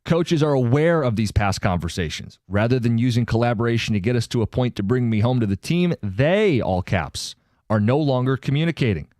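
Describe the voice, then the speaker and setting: A man hosting sports talk radio in a studio, briskly reading listener texts and news statements aloud. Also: mid-range voice, lively intonation, darkish tone, dry recording.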